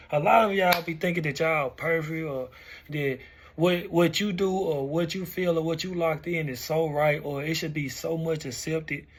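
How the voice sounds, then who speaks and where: A young man in his twenties, hosting a weekly talk segment and reflecting in a relaxed, conversational way. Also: a little high, slightly rough. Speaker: host. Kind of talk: casual talk-show commentary.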